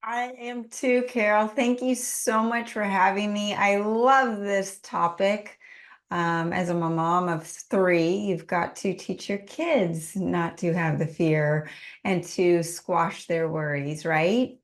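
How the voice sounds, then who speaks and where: Slow, earnest woman telling her story. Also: mid-range voice. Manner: earnest, heartfelt, lists things in a steady run. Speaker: podcast guest, business owner. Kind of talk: personal storytelling in an interview.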